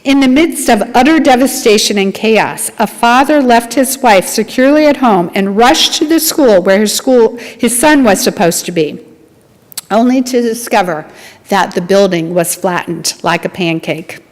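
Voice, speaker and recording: A woman with a somewhat high voice preaches to her congregation in earnest, dramatic storytelling. Her words ring out with a long reverb from a large hall. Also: expressive, moderate pace. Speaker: lay speaker at a congregation. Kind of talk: storytelling sermon.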